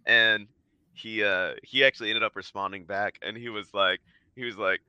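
A man talking as a podcast guest in casual chat, an animated storyteller who swears freely. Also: lowish voice, normal speed, clear, resonant tone, no room sound, dull audio. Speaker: podcast guest, jiu-jitsu black belt.

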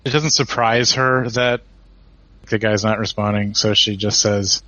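Bright-toned man narrating his character. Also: on the low side, steady tone, a little slow. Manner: casual, hedging with fillers. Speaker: player. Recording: dull lo-fi podcast audio.

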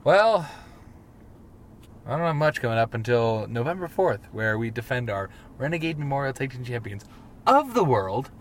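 A man's voice: mid-range voice, animated, moderate pace, a little hiss or hum. A man co-hosting a casual podcast, joking and trash-talking in loose banter. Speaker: podcast co-host. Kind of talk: casual chat.

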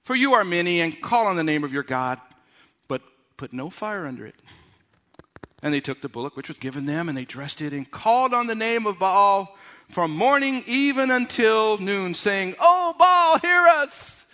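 Animated, bright-voiced male preacher. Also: high voice, moderate pace. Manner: animated, ringside-announcer bursts and asides; drops to quiet, intimate tones. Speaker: pastor. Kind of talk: sermon.

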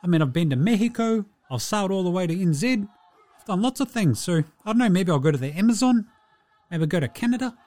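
A man doing an impression of a laid-back male New Zealand basketball player, with a put-on New Zealand accent and a slow, easygoing drawl. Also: sits high, lively intonation, a little mellow, voice pushed up. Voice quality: laid-back drawl, ends phrases with "brew" and "eh". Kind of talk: comedy impression sketch.

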